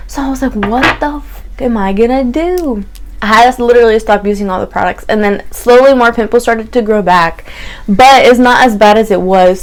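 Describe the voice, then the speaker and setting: A young woman chatting to camera in a candid story-time vlog, swearing freely and acting out her own reactions. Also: mid-range voice. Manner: chatty, candid, swears freely, quotes herself in lively asides. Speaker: beauty vlogger.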